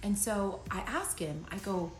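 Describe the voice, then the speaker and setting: A woman's voice: mid-range voice, animated, a little slow. Woman telling a story in an echoey room. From Nigeria. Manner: candid, emotional, addresses viewers directly. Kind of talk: storytime vlog. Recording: echoey room with faint music.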